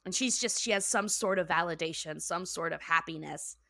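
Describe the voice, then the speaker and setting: A woman's voice: lowish voice, fairly quick, gravelly, bright, forceful tone, dry recording, studio quality. A young woman co-hosting a podcast, chatting casually and giggling as she recaps a cartoon episode and acts out its lines. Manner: giggly, acts out quotes in character voices. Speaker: podcast co-host.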